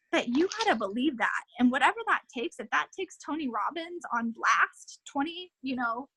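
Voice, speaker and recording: Bright, husky-voiced woman giving an impassioned pep talk. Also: high voice, dry recording, low-quality recording. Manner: emotional, impassioned, repetitive exhortations. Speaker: team leader speaking on a video call. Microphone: video call.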